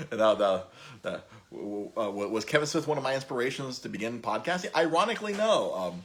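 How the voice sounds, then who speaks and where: A man's voice: mid-range voice, animated, moderate pace, fairly bright tone. A man in his thirties hosting a podcast, telling stories in a rambling, laughing way with many restarts. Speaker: podcast host. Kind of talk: casual storytelling chat.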